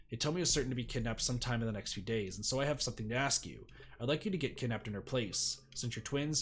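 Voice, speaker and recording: A man's voice: medium pitch, a little hiss or hum, natural voice. A man reading an urgent, pleading video message.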